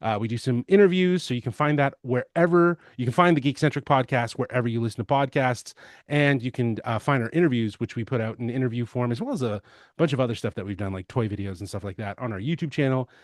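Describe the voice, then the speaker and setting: A man's voice: mid-range voice, quick pace, dry recording, clean studio sound. Friendly man plugging his podcast. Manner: friendly, plugs channels with many fillers. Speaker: podcast guest. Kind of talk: casual podcast chat.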